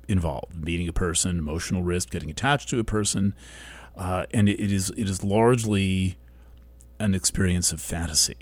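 Low-voiced man, soft and halting monologue, close broadcast mic, dry. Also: no room sound. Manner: soft-spoken, halting with frequent restarts. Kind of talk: reflective monologue. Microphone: broadcast microphone.

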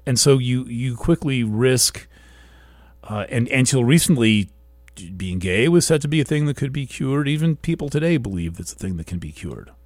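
A man hosting a weekly show, talking in a slow, thoughtful monologue that halts and restarts as he searches for words. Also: mid-range voice, lively intonation, no echo. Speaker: host. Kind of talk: reflective monologue.

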